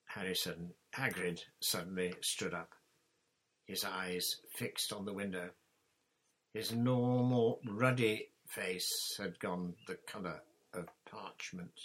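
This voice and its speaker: A man reading a storybook chapter aloud as narrator in a steady, even manner. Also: low voice, slow, husky. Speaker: audiobook reader.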